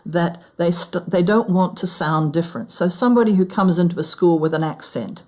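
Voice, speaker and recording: A woman's voice: fairly low pitch, brisk, darkish tone, rough recording. Thoughtful New Zealand woman explaining. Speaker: language expert. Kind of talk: interview explanation.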